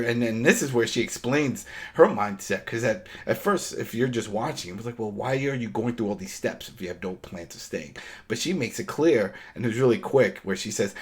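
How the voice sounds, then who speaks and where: A man's voice: mid-range voice, a little fast. A man co-hosting a podcast, casually recapping a TV episode and animatedly acting out the characters' exchanges. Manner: animated, acts out characters' exchanges in quoted voices.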